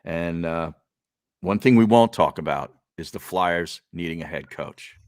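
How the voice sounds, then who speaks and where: A man co-hosting a casual sports talk show, relaxed and wry, trailing off as he reads. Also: low-pitched, unhurried, no echo, studio quality. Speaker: co-host.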